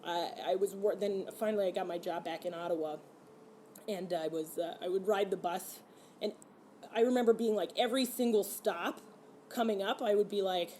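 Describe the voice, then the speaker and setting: A woman's voice: mid-range voice, moderate pace, slight background noise. A young French-Canadian woman, a comedian, telling a personal story in a casual way, laughing and acting out her own past lines. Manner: animated, laughing, acts out her own quotes. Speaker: comedian guest.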